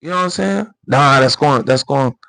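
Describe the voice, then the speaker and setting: A man's voice: medium pitch, animated, normal speed, gravelly, a bit bright, slight background noise, rough recording. A man hosting a livestream, giving casual political commentary in an emphatic, repetitive way full of rhetorical questions. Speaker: livestream host.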